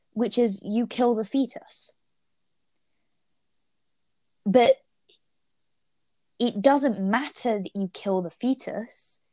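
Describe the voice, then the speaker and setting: A young woman talks through an ethics topic in a casual, thinking-aloud way, pausing often and filling gaps with hesitations. She speaks at an unhurried, slow pace. The sound is dry and close, with no room echo. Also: a little high, a little mellow. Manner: thoughtful, hesitant with frequent fillers. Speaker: co-host discussing ethics. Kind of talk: casual study discussion.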